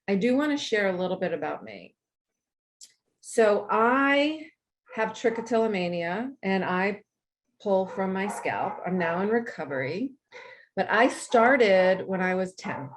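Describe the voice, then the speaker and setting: A woman's voice: mid-range voice, background noise. A woman hosting a webinar from home over a video call, chatty and enthusiastic as she shares her own story and teaches. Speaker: webinar presenter. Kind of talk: friendly instructional talk with personal story. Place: home with dogs.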